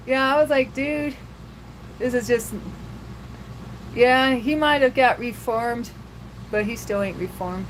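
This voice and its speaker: A young woman with a high, bright voice hosts a laid-back livestream, talking to viewers at an unhurried pace. She laughs often and keeps the chat loose. A faint hum of noise sits behind her. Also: poor audio. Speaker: livestream host.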